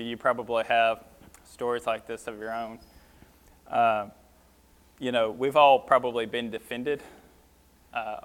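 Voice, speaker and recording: A man's voice: medium pitch, fairly bright tone. A man preaching a sermon, talking through scripture in a plain, conversational way with some fillers. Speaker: pastor. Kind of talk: sermon teaching.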